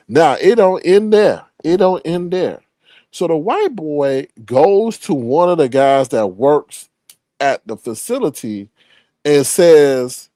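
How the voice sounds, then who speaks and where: A man casually telling a story, animated, swearing freely and acting out the other people's voices. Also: on the high side, measured pace, no room sound, clean studio sound.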